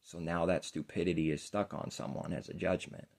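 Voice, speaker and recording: Low gravelly male preacher. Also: fairly even intonation, brisk. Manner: rambling, earnest, trailing off quietly. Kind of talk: informal sermon.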